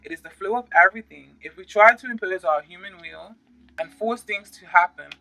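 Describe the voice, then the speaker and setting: Guy doing a laid-back tarot reading, kinda high voice, super bright edgy tone, jokey and slangy. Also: fairly quick, gravelly, rough recording. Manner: playful and slangy, adds sound effects. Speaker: tarot reader.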